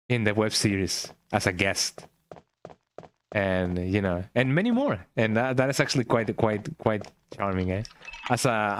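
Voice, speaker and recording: A young man, casually commenting as he plays a game and rambling on with "eh?" tags. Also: lowish voice. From Mexico. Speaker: gaming streamer.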